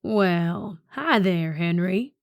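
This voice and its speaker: A man's voice: high voice, lively intonation, very slow, clear, resonant tone, no room sound, studio quality, heavily acted. Woman voicing a taunting Southern drawler. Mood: sly. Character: menacing Southern man hunting ghosts.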